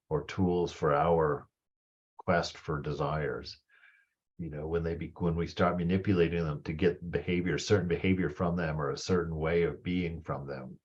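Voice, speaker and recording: A man with a very deep, husky voice gives a reflective spiritual talk and muses aloud in a loose, conversational way. The recording sounds dull and lo-fi. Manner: conversational, musing, leans on 'you know'. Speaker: spiritual teacher.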